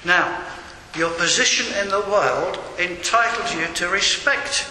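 A man's voice: high-pitched, unhurried, bright, forceful tone. An older man preaching a sermon in a conversational manner, with wry digressions. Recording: echoey hall with faint room noise.

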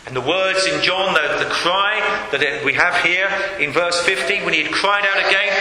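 A man's voice: high voice, moderate pace, few pauses, bright, forceful tone. A man preaching a sermon, emphatic and repeating his key phrases, recorded in a church hall. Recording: echoey hall with long reverb, faint noise.

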